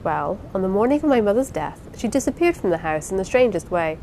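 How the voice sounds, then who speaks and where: A woman reading the part of a lively, affectionate young wife in an audiobook, eager and playful. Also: medium pitch, a little fast, creaky, slight background noise, low-quality recording. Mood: earnest.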